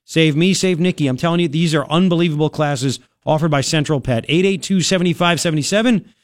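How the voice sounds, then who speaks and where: A man hosting talk radio, his voice sitting fairly high for a man. He talks emphatically, repeats himself and throws in quick asides. The studio sound is close and dry. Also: no echo. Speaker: radio talk show host. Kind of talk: talk radio monologue with live ad read. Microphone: studio microphone.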